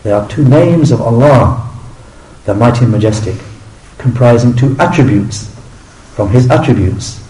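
Man, religious lesson, measured explanatory delivery, mellow voice, roomy echo. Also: medium pitch, expressive. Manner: measured, explanatory, repeats each Arabic term in English. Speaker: teacher translating and explaining a scholar's commentary.

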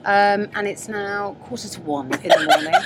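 A woman's voice: mid-range voice, normal speed. A young woman comedian chatting casually as co-host, self-mocking and laughing often, recorded on a moving train at night. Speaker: podcast co-host and stand-up comedian. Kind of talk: casual chat. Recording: background train noise.

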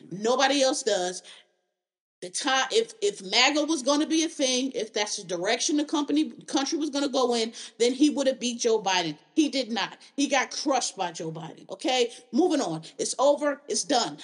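Brief: woman podcast host with a high voice, fiery and foul-mouthed, restarting her sentences often. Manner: heated, profane, blunt, with lots of restarts. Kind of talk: casual political rant.

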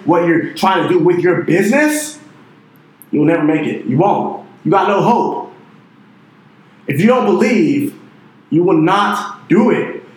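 A young man in his twenties delivers a fired-up motivational rant, swearing freely and hammering his points with conviction. His voice sits a bit high for a man. The sound bounces around a very echoey room. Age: 20s. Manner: intense, profane and emphatic, with repeated "dude" and "you know". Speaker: motivational online entrepreneur.

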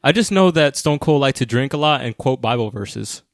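A man on a casual podcast, teasing his friends and asking quick questions. His voice is middle-pitched. The sound is dry and close. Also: lively intonation, dry recording. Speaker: podcast co-host. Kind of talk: casual chat.

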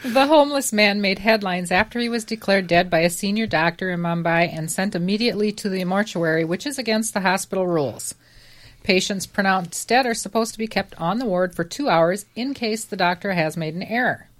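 A woman's voice: mid-range voice, fairly quick. A woman reading a news story aloud on a casual podcast, in a plain, matter-of-fact way.

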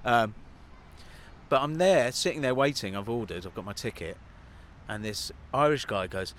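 A man's voice: medium pitch, animated, moderate pace, a bit bright, a little hiss or hum. A man co-hosting a comedy podcast outdoors, telling rambling, sweary anecdotes in casual banter. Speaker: podcast co-host. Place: outdoors by a road.

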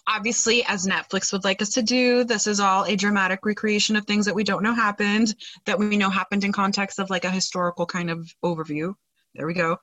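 A woman's voice: medium pitch, sharp tone, dry recording, poor audio. A woman co-hosting a podcast, recapping a TV episode in casual chat, with many fillers and sarcastic asides. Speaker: podcast co-host.

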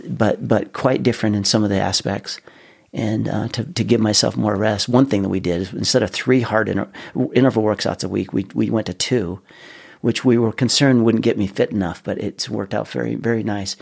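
A middle-aged man telling his story in a casual interview, animated, often restarting and repeating his words. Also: medium pitch, vocal fry. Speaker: guest.

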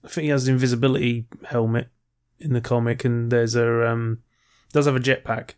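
A man's voice: mid-range voice, little pitch movement, fairly quick, clear, resonant tone. Dry-witted man in casual chat. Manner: dry, offhand quips, rambling restarts. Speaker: podcast co-host.

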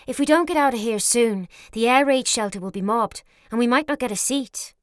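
A woman voicing a quiet, sensible young nurse who speaks earnestly and cautiously. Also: fairly high pitch, a little fast, dry recording, clean studio sound, close to an everyday voice. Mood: worried.

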